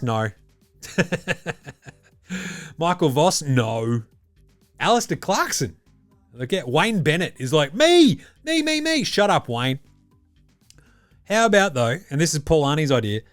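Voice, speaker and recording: A man with an Australian accent and a fairly high-pitched voice hosts a basketball podcast, trading casual, blokey, profane banter about sports. The recording is dry.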